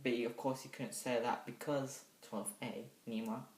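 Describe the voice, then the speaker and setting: A young man reviewing a movie in a rambling, hesitant way, with sudden loud bursts of excitement. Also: medium pitch, moderate pace. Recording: echoey room, mic set back.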